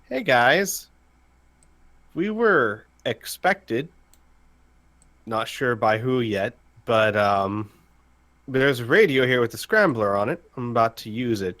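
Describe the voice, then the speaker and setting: A man's voice: mid-range voice, expressive, takes it slowly, long pauses, a bit bright, pitched above the performer's own voice. A man voicing his adventurer character in a tabletop game, chatty and hesitant. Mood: casual. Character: Al, a male adventurer keeping the team informed. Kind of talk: tabletop role-play.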